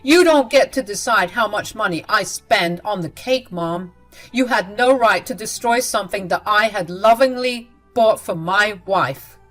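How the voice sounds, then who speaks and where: A woman voicing an angry young husband who speaks loudly and sternly to his mother. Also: mid-range voice, animated, a little slow, soft background music. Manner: loud, stern, confrontational.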